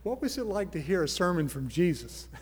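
A man preaching a sermon, earnest, moving from soft pleading to loud emphasis. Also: high-pitched, very animated, fairly quick, husky, in a large hall. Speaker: pastor.

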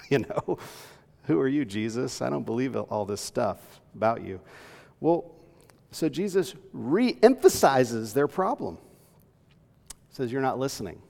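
Man, preacher, sermon, gravelly voice, earnest emphatic teaching, long hall reverb. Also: medium pitch, big pitch swings, unhurried, pauses often, darkish tone. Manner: earnest teaching, reading scripture aloud, rising to emphatic peaks.

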